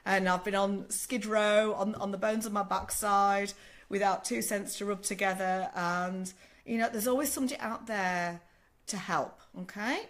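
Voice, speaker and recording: During a casual live Q&A, this older Australian woman, a sleep consultant, responds to questions in a warm, motherly, chatty manner, calling listeners "love" and repeatedly asking "okay?". Her mid-range voice is steady and moderately paced, though still slightly rough from a sore throat she's getting over.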